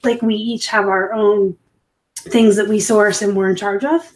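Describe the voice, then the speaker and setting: A woman's voice: mid-range voice, little pitch movement, unhurried. A woman from the West Coast hosting a casual live stream, chatty and rambling, with her voice sometimes rising at the ends of phrases. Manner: chatty and rambling, upspeak at times. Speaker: live show host and reseller.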